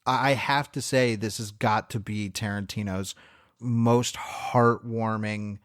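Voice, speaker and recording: A man's voice: fairly low pitch, steady tone, slow pace, a bit bright, no echo. Guy on a movie podcast, all fired up retelling scenes, laughs a lot, dry close mic. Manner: enthusiastic retelling, laughs often. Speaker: podcast co-host. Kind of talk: casual film discussion.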